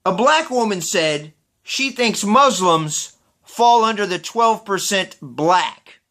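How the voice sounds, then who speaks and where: A man's voice: high voice, lively intonation, slow, sharp tone. A man ranting sarcastically to camera, profane and exasperated as he talks through street interviews. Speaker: vlogger. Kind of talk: ranting commentary.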